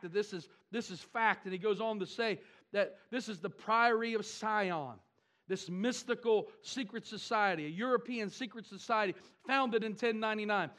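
A man preaching a sermon to his church, animated and with wry asides. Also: sits high. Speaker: pastor.

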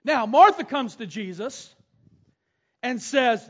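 A man's voice: extremely high pitch, sing-song, slow pace, fairly bright tone. A middle-aged man preaching a sermon, reading scripture and telling stories from family life. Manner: storytelling, reads scripture aloud and retells it. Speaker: pastor. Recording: dull lo-fi sound.

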